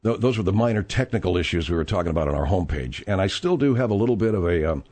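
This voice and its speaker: A man hosting a comic talk radio show from a studio microphone, slightly hoarse from a sore throat, blustery and mock-indignant as he rambles. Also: sits low, expressive, racing, darkish tone.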